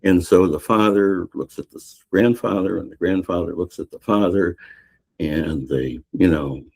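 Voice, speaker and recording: Older male author, very low voice, meandering storyteller, podcast guest. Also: moderate pace, gravelly, a little mellow, breathy edge. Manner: rambling storyteller with many restarts and fillers. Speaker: novelist guest. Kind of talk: retelling a novel's plot in a podcast interview.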